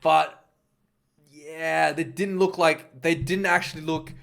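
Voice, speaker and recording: A man's voice: fairly high pitch, fairly even intonation, slow pace, creaky, a bit bright. A young man casually breaking down a rugby match, rambling and correcting himself, exasperated about the refereeing.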